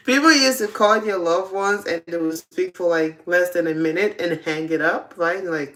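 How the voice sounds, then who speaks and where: Give me a deep-voiced young woman telling funny confessions and laughing a lot. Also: moderate pace, hardly any pauses. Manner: laughs often, confessional and animated. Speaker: host. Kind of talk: casual storytelling.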